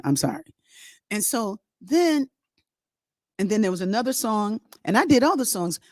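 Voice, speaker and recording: A middle-aged woman hosting, telling a story to her online audience in a lively, chatty, rambling way. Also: fairly low pitch, dry recording, studio quality. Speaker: host.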